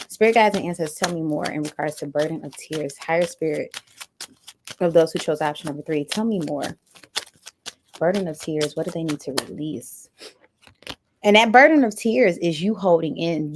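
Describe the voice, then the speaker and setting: Reading oracle messages for a pick-a-card tarot session, a low-voiced woman keeps slipping into playful, chatty remarks aimed at her viewers.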